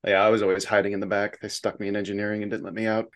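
A man hosting a casual podcast, easygoing and quick to laugh, steering the conversation. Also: lowish voice, level tone. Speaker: podcast host.

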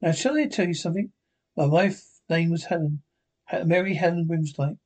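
A man reading the part of a gentle, chatty old widower who hands out toys to children. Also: fairly high pitch, fairly even intonation, moderate pace. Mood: kindly.

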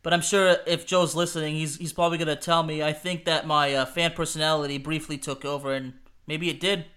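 A man's voice: on the high side, level tone, a little fast, fairly bright tone, clear, resonant tone. A man co-hosting a casual football prediction chat, hesitant and repeating words, laughing often. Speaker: podcast co-host.

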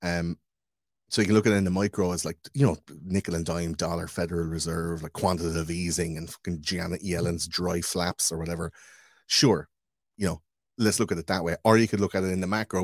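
Low-voiced, profane rambling man. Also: no room sound, studio quality. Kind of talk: casual podcast chat.

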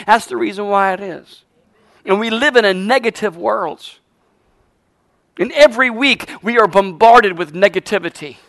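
A man's voice: high voice, expressive, moderate pace, fairly bright tone, no echo. A man preaching a sermon as pastor in a church, fiery, leading the congregation in call-and-response and tossing in jokes.

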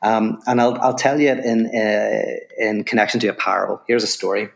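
A man who is a philosopher and guest on a podcast interview, telling a story and explaining ideas in quick, animated bursts with frequent "right?" asides. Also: lowish voice, creaky.

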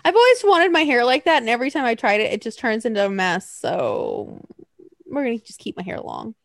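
A young woman with a high voice that leaps around as she chats, animated and profane, laughing between thoughts. The sound is close and dry. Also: a little fast, vocal fry, no room sound. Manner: animated, swearing, laughing often. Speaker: podcast co-host. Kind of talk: casual chat.

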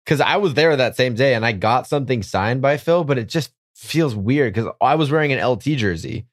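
A young man chats easily on a friendly podcast and laughs along with the others. His voice has a middle pitch and sounds dry and close to the mic. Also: lively intonation, a little fast, no echo. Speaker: podcast co-host. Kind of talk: casual chat.

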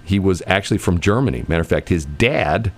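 Man, very deep voice, radio host, casual rambling storyteller, frequent laughter. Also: lively intonation, fairly quick. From United States. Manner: rambling storyteller, laughs often, many restarts. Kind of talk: casual chat.

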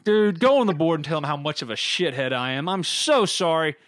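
A man's voice: fairly high pitch, a little fast, no echo, studio quality. A middle-aged man, co-hosting a casual sports talk show and telling stories with lots of laughter. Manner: animated storyteller, laughs often. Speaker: podcast co-host.

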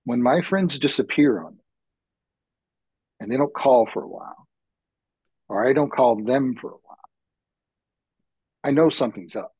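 A husky-voiced man talks earnestly and reflectively about his work guiding men's retreats. His voice sits at an ordinary male pitch, and he lets his stories build slowly. The recording is dry and a little dull. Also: big pitch swings, a little mellow, no room sound. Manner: reflective, heartfelt, slow-building. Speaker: podcast guest, men's retreat facilitator. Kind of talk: earnest personal storytelling.

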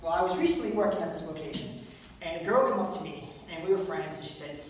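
A man doing a rambling stand-up comedy set at a fundraiser, breaking into high squeaky impressions and little sung bits. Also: fast talker, a little hiss or hum. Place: event room at a fundraiser. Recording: roomy hall, mic far off.

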